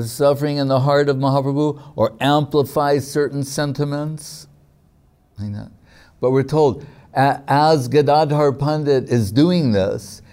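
A man giving a devotional discourse, telling stories in a reflective, halting way with frequent fillers. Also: medium pitch, a little mellow. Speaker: spiritual teacher.

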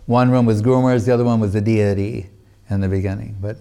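A man with a dark, mellow voice teaches a spiritual class. He tells the story loosely and wanders off on side notes. He keeps dropping in casual asides as he goes. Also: fairly low pitch, fairly even intonation, fast, gravelly, clean tone. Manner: loose, digressive storytelling with many filler phrases. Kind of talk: storytelling religious talk.

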